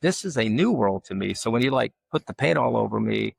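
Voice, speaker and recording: A middle-aged man from Alabama, a guest artist telling folksy stories in casual conversation and getting lively when he quotes people. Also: medium pitch, fairly quick, creaky. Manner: folksy, animated when quoting others. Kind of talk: casual storytelling.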